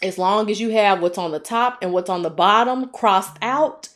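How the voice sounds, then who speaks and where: A woman with an Alabama accent tutoring nursing students on a live stream, chatty and encouraging, slowing down to walk through each step. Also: medium pitch, a bit bright. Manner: chatty, encouraging, reads viewer comments aloud; slow, deliberate when working steps.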